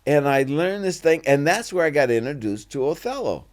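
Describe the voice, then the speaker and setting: Animated older man telling stories. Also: a little high, normal speed. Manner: animated, acts out dialogue in voices. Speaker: guest actor. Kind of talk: casual interview storytelling.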